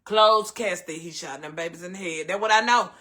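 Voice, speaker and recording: A Southern-accented male host keeps things casual with his viewers, calling them baby and honey with lots of animation. He has a high-pitched voice and a brisk delivery.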